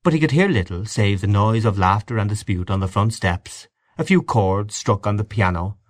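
Low-voiced man reading a story. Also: expressive, normal speed, no room sound, studio quality. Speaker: audiobook reader. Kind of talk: scripted narration.

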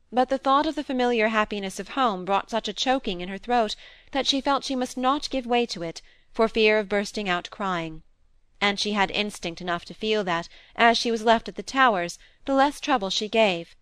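Woman reading an audiobook, smooth clear voice, dry close sound, calm steady pace. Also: mid-range voice, no echo. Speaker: audiobook reader. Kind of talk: scripted narration.

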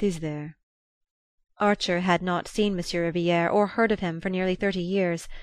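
A woman narrating a classic novel as an audiobook, in a measured, even, unhurried manner. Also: medium pitch, no room sound. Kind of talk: scripted literary narration.

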